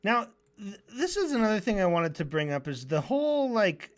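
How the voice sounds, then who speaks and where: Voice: medium pitch, very animated, normal speed. A streamer reviewing a debate in a casual, sarcastic, rambling way, often restarting mid-sentence.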